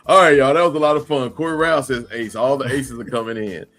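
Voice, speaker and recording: A man's voice: medium pitch, quick pace, faint music behind. A man hosting a casual livestream podcast, reading viewer comments aloud and laughing often. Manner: laughs often, lively and playful. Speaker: podcast host.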